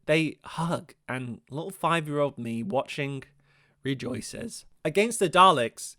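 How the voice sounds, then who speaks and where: A man's voice: fairly high pitch, animated, measured pace, bright, forceful tone, no echo. A young man giving scripted commentary, breaking off into wry, jokey asides. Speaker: video essayist.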